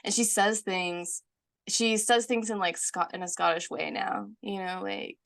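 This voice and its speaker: Woman from the United States, mid-pitched, chatty guest who rambles with fillers. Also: a little slow, creaky, a bit bright. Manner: chatty, many "like" fillers, laughs often. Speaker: author guest. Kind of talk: casual conversation.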